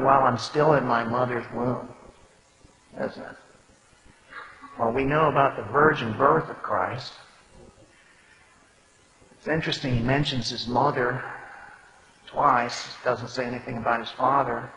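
A man's voice: mid-range voice, unhurried, pauses often, a bit bright. A man preaching a sermon, explaining scripture in a conversational way and reading verses aloud. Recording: echoey hall with long reverb.

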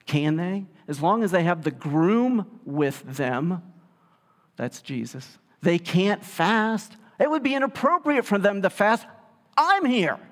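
An animated man preaching, his voice sitting a little high for a man. He acts out the people he quotes. His words ring with a long reverb, as if he stands in a large hall. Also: slow pace. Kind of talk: sermon.

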